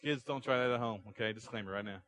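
A man's voice: mid-range voice, fast talker, a bit bright, a little hiss or hum. A man preaching a sermon to a congregation, building energy with rhetorical questions. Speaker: pastor. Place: church sanctuary.

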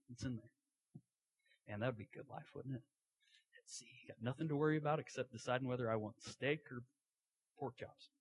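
A man's voice: mid-range voice, a bit bright, dry recording. A man preaching a sermon, retelling a story in a folksy way with asides and acted-out quotes.

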